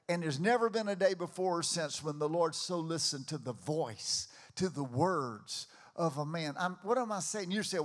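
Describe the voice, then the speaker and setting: An older man with a drawl preaches to a live congregation in a church auditorium. His voice sits fairly high for a man, and he drives his points home with emphatic force, climbing to shouts when he rallies the room. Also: animated, moderate pace. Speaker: pastor. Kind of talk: sermon.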